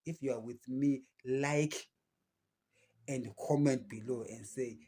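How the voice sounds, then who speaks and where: A man's voice: medium pitch, fairly even intonation, slow, mellow. A man with a Zimbabwean accent giving an impassioned, preachy political address to camera, defiant and repeating phrases for emphasis. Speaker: political commentator.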